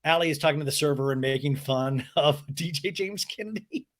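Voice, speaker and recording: A male podcast host giving a comedic, profane recap, animated and mimicking the people he quotes. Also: a little high, brisk.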